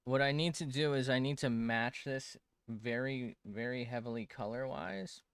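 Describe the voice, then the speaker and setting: A man's voice: mid-range voice, steady tone, moderate pace, smooth, dry recording, clean studio sound. A young man streaming while he draws, rambling to chat, mocking himself and swearing often.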